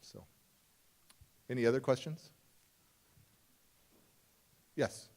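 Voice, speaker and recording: A man speaks as a motivational speaker before a live audience, his voice in a middle range. He talks in a casual, confiding way. He swings from loud, emphatic phrases to soft, near-hushed ones. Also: medium pitch, extremely slow, vocal fry. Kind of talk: live storytelling talk and audience Q&A.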